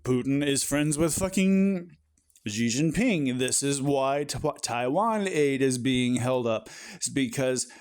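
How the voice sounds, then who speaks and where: A man's voice: mid-range voice, animated, slow pace, darkish tone. A man ranting angrily and profanely as a political commentator, exasperated and furious. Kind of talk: angry political rant.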